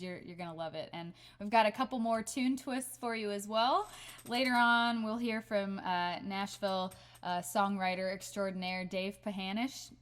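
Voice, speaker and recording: A woman hosting her band's livestream from home, chatting casually with lots of laughs and fillers, recorded on a webcam. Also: mid-range voice. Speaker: band member hosting a livestream.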